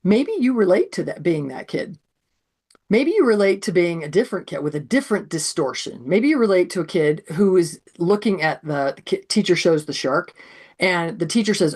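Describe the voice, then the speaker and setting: A woman presenting a math education webinar with a sore throat, animated and acting out classroom scenes. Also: on the low side, moderate pace, breathy edge.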